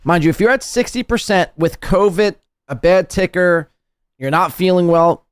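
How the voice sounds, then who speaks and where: A man's voice: high voice, expressive, normal speed, smooth, no echo, studio quality. A man hosting a podcast, mocking and sarcastic in casual, profane commentary on clips.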